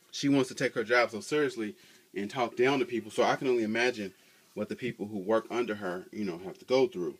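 A man's voice: mid-range voice, breathy edge. A man vlogging about couponing, telling a store story in a casual, colloquial way and acting out both sides of an argument. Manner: colloquial, chatty, frequent "you know".

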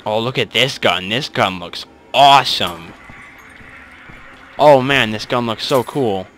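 A young man commenting on his own gameplay, excitable, swearing and muttering asides. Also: mid-range voice, slow pace, a little hiss or hum. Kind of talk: let's play commentary.

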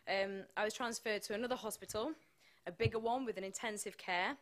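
A British woman speaks to a summit audience about a harrowing ordeal, her voice sitting at an ordinary middle pitch. She talks candidly with a wry edge, slipping in small laughs between the grim details. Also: a little fast. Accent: British English. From Britain. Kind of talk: personal testimony speech.

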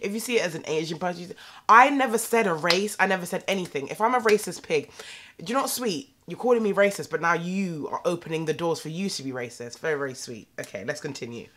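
A young British woman vlogging at home, talking straight to the camera in a sassy, animated rant. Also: lowish voice, quick pace. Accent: British English. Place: indoors at home.

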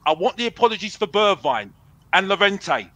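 A man's voice: sits high, very animated, moderate pace, bright, forceful tone, no room sound, rough recording. A man, a football fan arguing heatedly on a fan show, brash and boastful, repeating himself. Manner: brash, boastful, repeats himself, calls himself Mister Box Office.

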